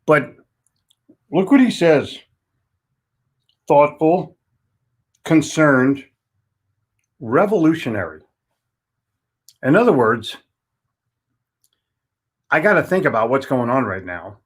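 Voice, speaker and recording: A man's voice: a little high, big pitch swings, slow, pauses often, slightly rough. A man in his seventies from Philadelphia, a sales trainer giving a folksy, blunt motivational talk and hammering points home by repeating words. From Philadelphia, United States. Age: 70s.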